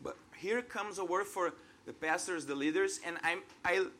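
A man's voice: high voice, moderate pace, sharp tone. A man in his thirties from Brazil with a Brazilian Portuguese accent, preaching an earnest, conversational sermon and laughing at himself now and then. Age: 30s.

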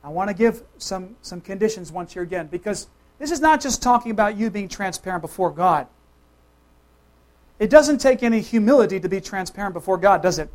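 A preacher with an expressive, medium-pitched voice gives a sermon full of quick questions aimed directly at the congregation. He alternates between loud emphatic calls and soft, quiet asides.

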